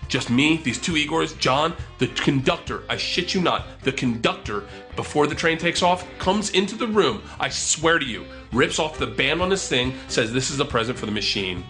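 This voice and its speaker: A man in his thirties tells a comic story in a bright, forceful voice. He is animated and profane and acts out every quote. Soft music plays faintly behind him. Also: a little high, normal speed, few pauses.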